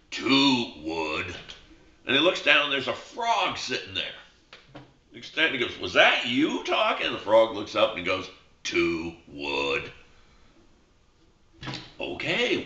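A man hosts a casual show and tells a long joke, his voice bright and sharp, swinging lively up and down. The sound is roomy and a bit dull, like a home recording with echo. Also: medium pitch. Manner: lively, animated, with fillers and jokey asides. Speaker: host.

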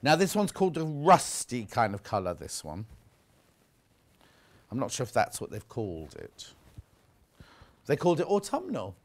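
A man's voice: mid-range voice, wildly swooping pitch, moderate pace, long pauses. An English man presenting live on a shopping channel, chatting away and reading viewer messages aloud. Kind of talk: live sales chat. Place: TV studio.

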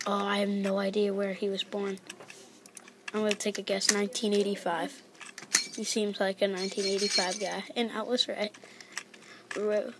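A woman giving chatty, excitable let's-play commentary in a library, sometimes dropping to a whisper. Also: mid-range voice, normal speed, pauses often, very noisy. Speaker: gaming video host. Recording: loud keyboard clatter in background. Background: keyboard typing and clicks.

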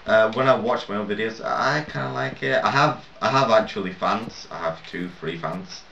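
A man with a fairly low voice rambles through casual gaming commentary, mocking himself and swearing freely. He sounds set back from a dull, lo-fi mic in an echoey room, with a faint hiss underneath. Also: normal speed, vocal fry, sharp tone. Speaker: gaming video maker. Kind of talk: casual let's-play commentary. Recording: roomy, distant, dull, lo-fi mic.

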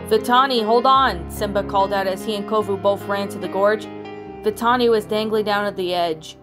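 Storyteller woman, mid-pitched, plain read-aloud narration, faint music bed. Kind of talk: reading fan fiction aloud. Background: soft background music.

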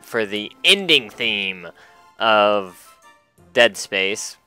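Bright, clear-voiced man chatting over gameplay. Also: on the low side, expressive, extremely slow, faint music behind. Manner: chatty, laughs often, reads game dialogue aloud. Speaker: let's play host. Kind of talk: casual gameplay commentary.

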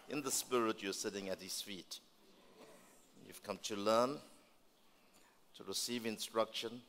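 Man preaching, bright forceful voice, lots of repeating, big echoey church hall. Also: on the low side. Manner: emphatic, repeats phrases, tells the crowd to speak to neighbors. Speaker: pastor hosting a ministry school. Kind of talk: preaching welcome address. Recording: long hall reverb.

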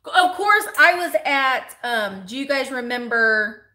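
A chatty middle-aged woman runs a live-stream sale in a rambling, friendly flow. Her voice sits a little high, and she drifts off between calling out bids and answering viewer comments. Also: animated, slow, sharp tone. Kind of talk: casual live-stream auction chat.

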